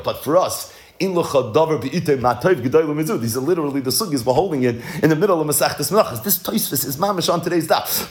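A man teaching a Talmud lesson, chanting the Hebrew texts in a study-hall singsong and explaining them in English with rhetorical questions. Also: a little high. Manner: animated, uses rhetorical questions.

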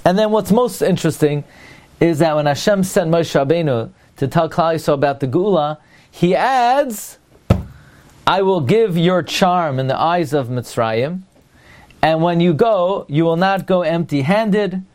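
A man with a slightly raised pitch leads a Torah lesson. He keeps asking why, sets up each point as a puzzle, and stops now and then to hunt for a word. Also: expressive, a little mellow. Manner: asks rhetorical questions, pauses to search for words. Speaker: Torah teacher. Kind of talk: Torah class lecture.

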